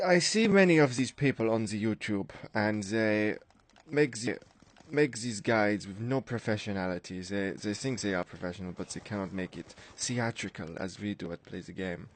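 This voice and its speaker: A man doing a put-on mock German accent that sounds half Jamaican, voicing a pompous, self-important man who lectures about his own uniqueness. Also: fairly low pitch.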